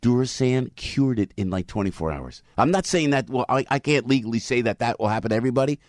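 Animated North Jersey radio host. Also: male voice, medium pitch, fast, dry recording, studio quality. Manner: animated, theatrical, plugs products. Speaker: radio talk show host. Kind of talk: morning radio chat. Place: radio studio.

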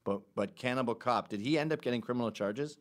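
A middle-aged man hosting a podcast, telling stories in an animated, sarcastic, casual way. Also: mid-range voice, fast. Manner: animated storytelling with sarcastic asides. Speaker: podcast host.

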